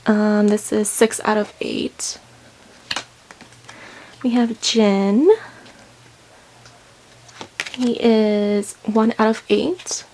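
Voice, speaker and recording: Breathless, gravelly-voiced woman unboxing. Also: medium pitch, very slow, pauses often, a little hiss or hum. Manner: excited, breathless, many ums, gushing. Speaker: unboxing vlogger. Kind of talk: casual unboxing chat.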